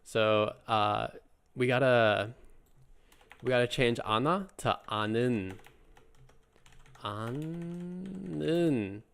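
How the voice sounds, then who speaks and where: A man's voice: mid-range voice, unhurried, fairly bright tone, clear, resonant tone. A man giving a casual, chatty language lesson, joking and circling back with lots of fillers and restarts. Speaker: Korean language teacher.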